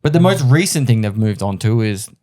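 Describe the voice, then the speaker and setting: A man's voice: fairly low pitch, lively intonation, a little fast, mellow. A dry, wry podcast co-host, a man. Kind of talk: casual chat.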